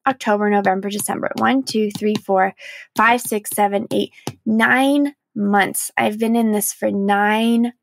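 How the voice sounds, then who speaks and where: Vocal-fry woman hosting a reflective podcast. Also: medium pitch, fairly even intonation, measured pace, dry recording. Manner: emotional, candid, frequent "like" and soft laughs. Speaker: podcast host. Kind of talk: reflective solo podcast monologue.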